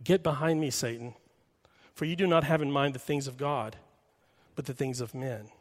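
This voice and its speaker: A man voicing a calm, authoritative male teacher within a sermon, in a measured, grave tone. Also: mid-range voice, voice pushed down, lightly acted. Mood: stern. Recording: long hall reverb.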